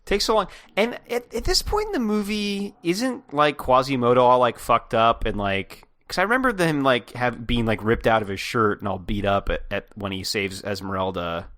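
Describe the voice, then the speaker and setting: A man co-hosting a casual gaming podcast, with a bright, sharp-edged voice that swings widely in pitch. He talks in an animated way, laughs a lot, and pauses on fillers. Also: no echo, studio quality. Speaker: podcast co-host. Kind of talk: casual chat about a game.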